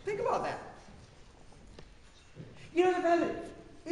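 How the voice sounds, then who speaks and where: A man's voice: very high voice, takes it slowly, long pauses, slight background noise. A man preaching a humorous, self-mocking sermon as pastor on a church stage. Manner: self-mocking, animated storyteller. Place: large church hall. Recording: echoey church hall, long reverb.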